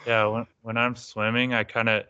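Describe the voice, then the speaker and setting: A man speaks loudly on a group call and goes through things step by step. His voice is flat and smooth. The sound is dry. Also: medium pitch, normal speed, no room sound, highs cut off. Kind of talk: casual chat on a call.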